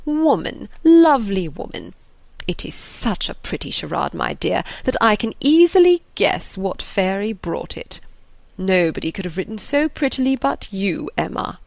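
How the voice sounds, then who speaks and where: Woman putting on a fussy old gent, slow and sighing, a bit gravelly, audiobook. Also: medium pitch, very animated, darkish tone, no room sound. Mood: fretful. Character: fretful elderly father, gentle and anxious.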